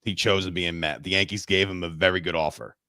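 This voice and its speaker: A young man ranting as a fan caller on a live stream, stammering and building to shouts into his own mic. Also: sits low, fairly even intonation, fast, smooth, dry recording. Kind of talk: emotional sports fan rant. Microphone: own mic on a remote call.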